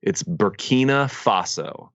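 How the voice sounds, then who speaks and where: Laid-back swearing podcast host. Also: male voice, on the low side, lively intonation, slow pace, a bit bright, no room sound, highs cut off. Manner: loose, swearing, laughing storyteller. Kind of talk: casual chat.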